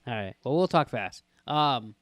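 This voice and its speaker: A man co-hosting a podcast, chatting casually about football, profane and joking in quick back-and-forth. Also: medium pitch, animated, a bit bright, no echo. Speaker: podcast co-host. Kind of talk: casual sports chat.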